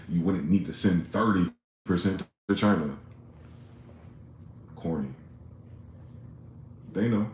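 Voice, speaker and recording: Brief: deep, mellow-voiced man, heated sarcastic profane rant, roomy echo. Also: a little hiss or hum. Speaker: commentary vlogger. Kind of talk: ranting political commentary.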